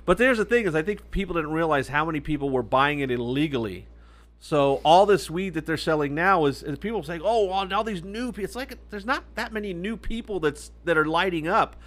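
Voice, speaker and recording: A man hosting a podcast, chatting casually and teasing his co-host, getting animated when he tells a story. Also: a little high, fairly quick. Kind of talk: casual chat.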